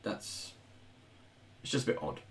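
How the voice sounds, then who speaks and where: A man acting as game master, describing scenes with measured, hesitant pacing.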